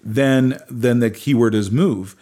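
A man's voice: medium pitch, slow, mellow. A middle-aged man, a musician guest, talking earnestly in a casual interview, often restarting his sentences. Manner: earnest storyteller with many restarts. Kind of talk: casual conversation.

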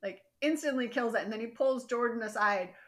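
Podcast co-host, woman, lively and worked up, acts out scenes while she recaps. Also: a little high, brisk. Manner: animated, exasperated, acts out characters' lines. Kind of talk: casual chat recap.

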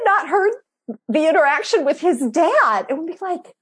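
A woman's voice: very high voice, animated, normal speed. A middle-aged woman hosting a podcast, chatting casually and telling family stories with frequent laughs. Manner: chatty storyteller, laughs often, mimics her own past exclamations. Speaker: podcast host. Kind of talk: casual chat.

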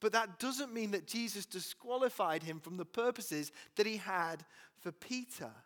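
A man preaching a sermon as pastor, reading scripture with pauses and adding personal asides. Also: high-pitched, a bit bright, long reverb tail.

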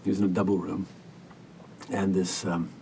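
A man who works as a hospice caregiver, telling a story as a podcast guest in an earnest, gentle, measured way. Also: low voice, level tone, vocal fry, far from the mic, a little hiss or hum. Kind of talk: reflective storytelling interview.

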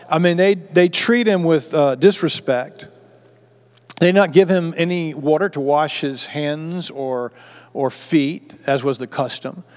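Man preaching in a fairly high voice. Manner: conversational preaching with frequent restarts and filler; retells scripture story in plain modern words. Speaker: pastor. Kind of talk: sermon.

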